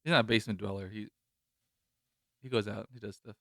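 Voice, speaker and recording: A man's voice: fairly low pitch, steady tone, vocal fry, no echo, clean studio sound. A man hosting a podcast who chats casually, rambling and joking. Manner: rambling, jokey, quick to laugh. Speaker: podcast host.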